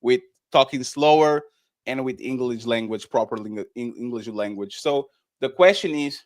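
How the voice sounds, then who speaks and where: A man's voice: medium pitch, normal speed. A man with a New York accent hosting a casual panel podcast, asking loose, rambling questions full of restarts. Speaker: podcast host. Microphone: streamed podcast mic.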